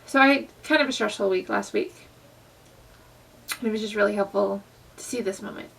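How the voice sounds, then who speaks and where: Young female vlogger, husky, casual and sincere, mic at a distance. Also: medium pitch, a little fast, fairly bright tone. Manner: earnest, conversational, many fillers. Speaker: Christian vlogger. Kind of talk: casual devotional vlog talk.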